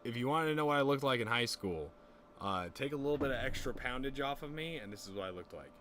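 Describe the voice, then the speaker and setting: A man's voice: medium pitch, fast talker, a little hiss or hum. Young man telling a rambling profane story. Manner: rambling, profane, animated quoting. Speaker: streamer. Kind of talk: casual storytelling chat.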